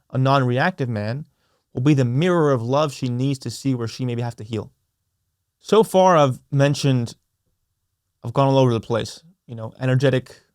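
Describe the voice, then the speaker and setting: A young man hosting a solo podcast, speaking earnestly with slow, emphatic, repetitive phrasing. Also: mid-range voice, darkish tone, smooth, no echo, studio quality. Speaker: podcast host. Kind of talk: reflective solo podcast talk.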